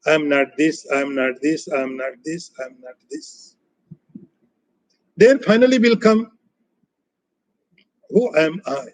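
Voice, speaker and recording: High-voiced man giving a scripture lecture. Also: poor audio. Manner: short repeated phrases, often trailing softer; measured, emphatic teaching. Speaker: spiritual teacher.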